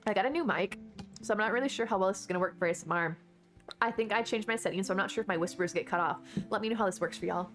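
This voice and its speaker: A woman's voice: medium pitch, very fast, faint music behind. Chatty woman streamer reading chat. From Texas. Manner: chatty, reads and answers chat between game moves. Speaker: game streamer. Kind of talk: casual live-stream chat.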